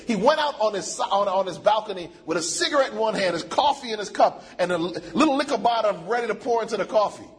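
A man's voice: high voice, expressive, fast talker, few pauses. A man preaching a sermon, emphatic and repetitive, drawing call-and-response from the congregation.

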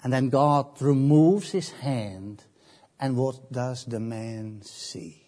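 Slow, husky-voiced male preacher. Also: mid-range voice, warm tone. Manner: slow, emphatic, with frequent repeats and pauses. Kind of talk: sermon.

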